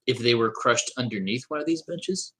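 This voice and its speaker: A man acting as game master, giving matter-of-fact rulings on terrain and spells. His voice is a little husky. He talks in a calm, practical way. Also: medium pitch, moderate pace. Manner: matter-of-fact rulings, asking clarifying questions. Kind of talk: running a tabletop game.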